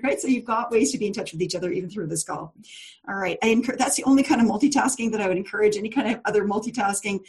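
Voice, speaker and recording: A woman's voice: medium pitch, fast talker. Chatty encouraging woman leading an online course. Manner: chatty, encouraging, laughs often, many fillers. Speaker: course leader. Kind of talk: live online course call.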